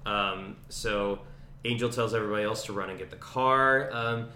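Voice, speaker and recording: A man co-hosting a podcast, recapping scenes in a relaxed way with plenty of ums. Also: on the low side, moderate pace, roomy sound. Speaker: podcast co-host. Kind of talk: casual chat.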